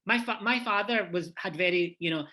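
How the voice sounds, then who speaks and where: Scottish man, panelist, fairly high bright voice, earnest, stop-start delivery. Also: fairly quick. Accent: Scottish, Glasgow. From Scotland. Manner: earnest, many repeated restarts. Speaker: panelist, head of university department. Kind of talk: conference panel discussion.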